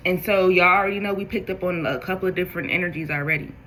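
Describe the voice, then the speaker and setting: A woman gives a spiritual tarot reading, speaking directly to her viewers. Her voice is bright and forceful, and her delivery is animated. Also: fairly low pitch, fast talker, slight background noise, poor audio. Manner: animated, talks straight to viewers. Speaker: tarot reader.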